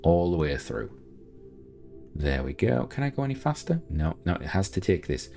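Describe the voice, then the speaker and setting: A man's voice: sits low, sing-song, normal speed, gravelly, dark tone, faint music behind. A man giving chatty, self-mocking commentary while he plays, thinking aloud with many restarts. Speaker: gameplay commentator. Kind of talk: casual gameplay commentary.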